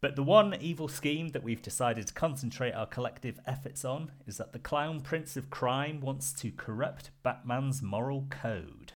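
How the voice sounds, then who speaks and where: A man's voice: mid-range voice, normal speed, few pauses. A British man hosting a podcast panel, mixing casual chat with wry scripted segments and frequent laughs. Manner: wry, laughs often, dry asides. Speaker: podcast host.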